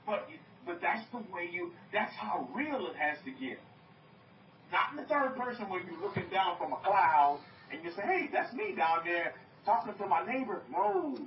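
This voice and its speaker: A man giving informal congregational teaching, animated, repeating phrases and asking his listeners questions. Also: high-pitched, moderate pace, a little hiss or hum. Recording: roomy, distant, dull.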